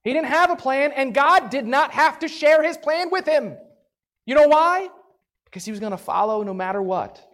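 A woman teaching a Bible story in a casual, animated way, chatty and full of "like", acting out the characters' lines. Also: high-pitched. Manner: animated, acts out the characters' lines in quick voices; chatty, peppered with "like".

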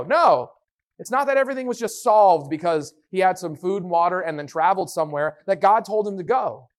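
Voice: mid-range voice, expressive, fast talker. A preacher giving a sermon with a Bible reading, speaking emphatically and acting out the voices in the quotes.

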